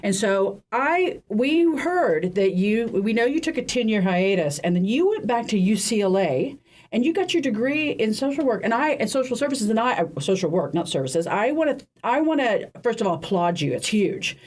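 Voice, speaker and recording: A woman's voice: fairly high pitch, big pitch swings, normal speed, a little mellow. A woman co-hosting a podcast who asks a guest long, earnest questions and often restarts her sentences as she talks. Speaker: podcast co-host. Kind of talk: interview questions.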